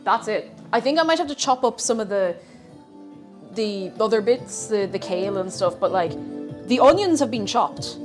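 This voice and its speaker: A woman's voice: medium pitch, expressive, normal speed, faint music behind. A woman chatting casually and playfully with her viewers while cooking in her home kitchen on a livestream. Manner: playful rambling banter with chat. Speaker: streamer. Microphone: streaming mic.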